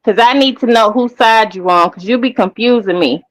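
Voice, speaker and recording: A woman's voice: a little high, moderate pace, no room sound, low-quality recording. A woman on a livestream, blunt and confrontational, swearing heavily as she questions the others. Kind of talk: casual livestream chat.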